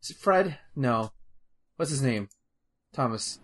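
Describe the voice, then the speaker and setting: A man streaming games, chatting casually in an animated, profane, rambling way with many restarts. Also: medium pitch, slow. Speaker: streamer discussing a game. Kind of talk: casual chat.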